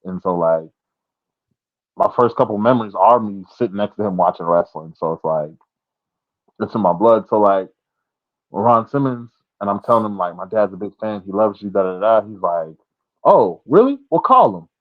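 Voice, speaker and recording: A man's voice: normal speed, no echo. A man in a casual podcast chat, telling a story with lots of energy and acting out the voices of the people in it, often laughing. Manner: animated storyteller, acts out quotes in a high voice, laughs often. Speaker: wrestler guest. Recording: dry, phone-like audio.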